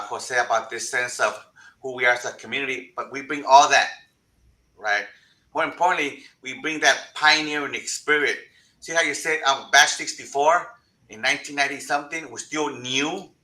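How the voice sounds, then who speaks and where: Bright-voiced man with a heavy Mexican-American accent. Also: mid-range voice, low-quality recording. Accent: Mexican-American Spanish-influenced. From Eastern Coachella Valley, California. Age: middle-aged. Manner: earnest, keeps adding "right?". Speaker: assistant director of planning and building. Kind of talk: panel discussion.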